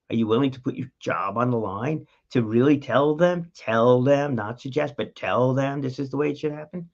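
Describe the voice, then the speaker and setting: A man's voice: medium pitch, a little fast, vocal fry, hardly any pauses, lo-fi sound. A man hosting a talk show, giving an emphatic motivational monologue straight to the listener in a coaching tone. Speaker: podcast host.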